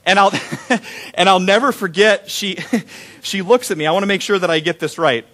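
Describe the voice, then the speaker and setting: A pastor giving a sermon, telling stories in a conversational, animated way. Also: male voice, sits high, a little fast.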